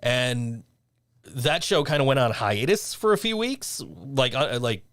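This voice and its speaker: A man's voice: medium pitch, big pitch swings, a little slow, a bit bright, no room sound. A man hosting a casual radio show from a small studio, rambling and self-deprecating with frequent laughs. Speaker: show host. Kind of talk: casual on-air chat.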